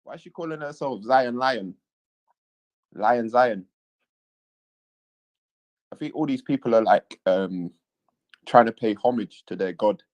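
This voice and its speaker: A man's voice: mid-range voice, measured pace, pauses often, a little mellow, no echo, lo-fi sound. A man hosting a casual livestream, reading viewers' messages aloud and repeating his own phrases. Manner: reads chat aloud, repeats himself, chuckles. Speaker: livestream host.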